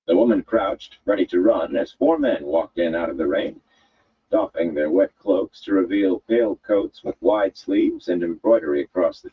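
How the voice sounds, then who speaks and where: A man reading a fantasy story aloud with expressive, measured narration. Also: low voice, husky, dull audio. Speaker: audiobook reader.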